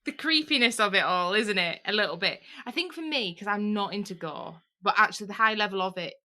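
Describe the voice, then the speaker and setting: A woman's voice: medium pitch, fairly quick, pushed and bright. A woman, a podcast guest chatting casually about a film. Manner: laughs easily, conversational. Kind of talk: casual film review chat.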